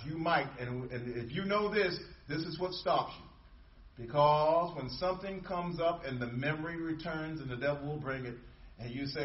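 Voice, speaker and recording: A man's voice: fairly high pitch, moderate pace, roomy sound, recorded from a distance, lo-fi sound. A male pastor preaching a sermon, emphatic and repetitive, drawing call-and-response from the congregation.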